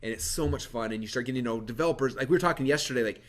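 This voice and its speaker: A man telling an energetic, animated story from a stage, acting out his past self and laughing often. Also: mid-range voice, rapid-fire. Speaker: speaker.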